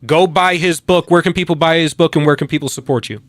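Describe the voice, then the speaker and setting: A man's voice: a little high, fast, dry recording. Casual male interview host, dry sound. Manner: casual and animated, slips into mimicking voices. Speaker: show host. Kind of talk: political interview.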